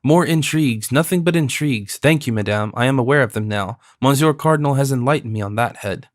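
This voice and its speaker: A man voicing a cowardly, greedy fifty-year-old mercer in an audiobook, puffed up with pride and quick to panic. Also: medium pitch, no room sound, studio quality, close to an everyday voice. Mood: pompous. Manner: pompous, then nervous. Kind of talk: audiobook character voice.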